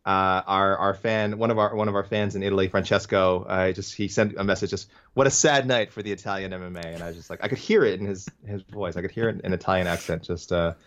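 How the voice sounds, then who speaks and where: A man with a low-pitched voice chats with his co-host in a lively, rambling way, often stopping to correct himself mid-sentence. The recording sounds dull and lo-fi. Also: fast talker, hardly any pauses. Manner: animated, rambling, self-correcting. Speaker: podcast co-host. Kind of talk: casual sports chat.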